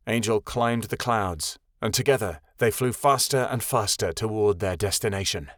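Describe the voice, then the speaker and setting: A man reading a fantasy novel aloud as audiobook narrator, with a steady storytelling delivery. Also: on the low side, normal speed, hardly any pauses, dry recording, studio quality. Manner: steady storytelling, voices every character.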